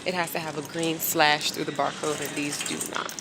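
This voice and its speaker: A woman chatting casually and excitedly to her phone camera as she browses a large home decor store. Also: sits low, a little fast, background noise. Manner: chatty, excitable, thinks aloud. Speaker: vlogger. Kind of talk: casual shopping vlog. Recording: store background music. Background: store music playing.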